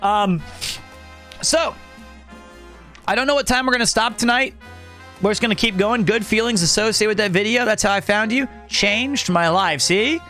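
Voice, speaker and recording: A man talks casually to his stream audience in a high, bright voice. He projects loudly and stays animated as he reads chat. Soft music plays faintly underneath. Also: normal speed, long pauses. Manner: loud, projecting, animated talker.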